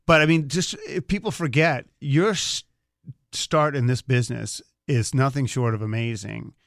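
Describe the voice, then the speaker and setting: A man's voice: medium pitch, gravelly, a bit bright, no room sound, clean studio sound. A man hosting a radio talk show, chatting eagerly with a guest. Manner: chatty, eager, quick asides and laughs. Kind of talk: casual interview chat.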